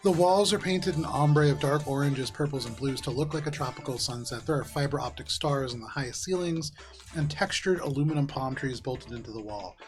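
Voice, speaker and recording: A man running a tabletop game as game master, narrating scenes in a relaxed, descriptive way with frequent ums. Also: medium pitch, fairly quick, faint music behind.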